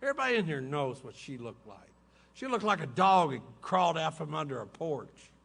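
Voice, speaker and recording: A man's voice: fairly high pitch, big pitch swings, a little fast, gravelly, a bit bright. A middle-aged man, telling his story to a recovery meeting in folksy style with laughing asides, in a hotel conference room. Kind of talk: personal testimony talk.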